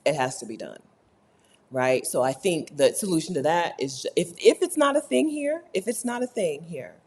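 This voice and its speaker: A woman talking casually to camera in a chatty, animated way, often tagging her sentences with "right?". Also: low-pitched, normal speed, breathy edge. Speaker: vlogger. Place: rented apartment.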